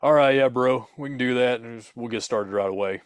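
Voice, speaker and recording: A man's voice: mid-range voice, fairly quick, clean tone, dry recording, lightly acted. A man putting on the voice of a lazy, dismissive bro-talking security consultant in a spooky told story. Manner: lazy, scoffing, casual "bro" talk. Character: slacker bro incident-response guy, dismissive adult man.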